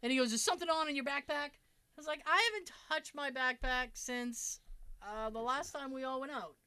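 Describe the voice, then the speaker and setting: A woman's voice: sits high, normal speed, bright, forceful tone, clear, resonant tone, dry recording. A woman casually telling a story to friends, swearing freely and acting out the voices of the people in it. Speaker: podcast host telling a story.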